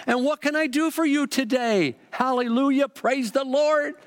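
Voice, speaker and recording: A man's voice: extremely high pitch, normal speed, voice pushed up. A man voicing an effusive, devout woman shop clerk who stretches out her words in a sing-song way. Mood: gushing.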